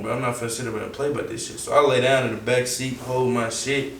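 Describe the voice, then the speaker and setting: A young man with a Southern US accent, telling a story casually as an interview guest, animated and full of slang, acting out the quotes. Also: mid-range voice, fast, few pauses, distant mic. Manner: animated, acts out quotes, heavy slang and profanity. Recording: roomy echo, off-mic, faint background noise.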